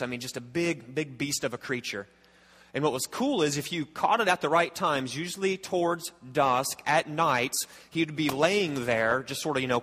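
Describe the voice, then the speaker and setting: A man's voice: mid-range voice, fairly bright tone, big-room sound. A man preaching a sermon as a pastor, earnest and emphatic, often restarting and repeating words.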